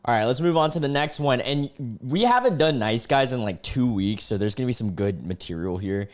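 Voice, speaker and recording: A man's voice: mid-range voice, animated, a little fast. A young man hosting a casual reaction video, laid-back and slangy, often laughing and exclaiming.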